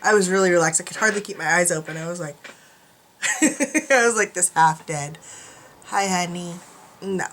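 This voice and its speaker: A woman's voice: lowish voice, normal speed, a bit bright, a little hiss or hum. A woman vlogging from a room at home, chatting casually to camera in a self-mocking way, laughing often.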